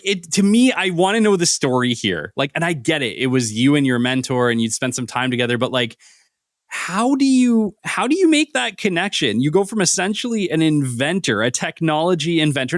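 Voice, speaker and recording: A man's voice: a little high, dry recording, studio quality. A man hosting a business podcast, asking casual, probing questions full of fillers. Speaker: podcast host. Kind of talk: conversational interview.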